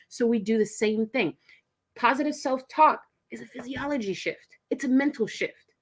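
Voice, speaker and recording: A woman guest giving an energetic, emphatic motivational pep talk. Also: on the high side, normal speed. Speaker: guest coach.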